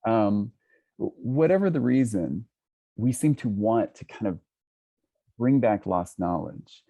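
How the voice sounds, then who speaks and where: Low mellow-voiced man on a video call. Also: animated, measured pace. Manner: hesitant, restarts, soft laughs. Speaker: guest scholar. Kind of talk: casual conversation on a video call.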